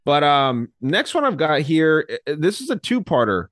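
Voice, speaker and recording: A man hosts a casual podcast chat, rambling, swearing casually and reading from his notes. His fairly high, fairly bright voice is sing-song at a normal speed. The sound is clean studio audio with no room sound.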